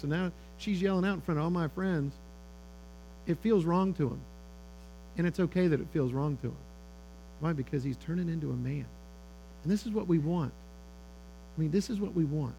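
A middle-aged man speaking to an audience of parents, animated and talkative, acting out the people in his anecdotes. His voice sits a little high for a man. A faint electrical hum runs under the recording. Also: gravelly, rough recording. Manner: conversational, animated storytelling with quoted dialogue. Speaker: speaker on fatherhood. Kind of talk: sermon-style talk to parents.

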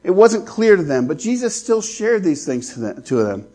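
A man preaching a sermon as pastor, earnest, slowing down to stress scripture. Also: high-pitched, very animated, dark tone.

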